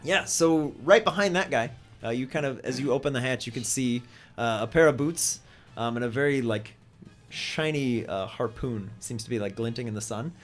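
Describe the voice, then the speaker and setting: A man narrating as game master of a tabletop game, loose and full of fillers, breaking into shouted voices for characters. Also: mid-range voice, normal speed, soft background music.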